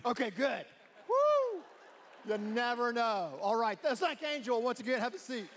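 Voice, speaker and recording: A man's voice: very high voice, brisk, fairly bright tone, some chatter behind, slight background noise. A man pastor giving a sermon, chatty and playful, laughing easily as he brings up a volunteer. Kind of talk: sermon with live audience participation. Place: large church auditorium. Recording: long reverb of a large church hall.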